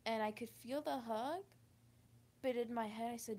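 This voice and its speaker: A woman telling a personal story to camera, halting and emotional, with many restarts. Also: a little high, darkish tone, slight background noise. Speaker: vlogger. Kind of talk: confessional storytime.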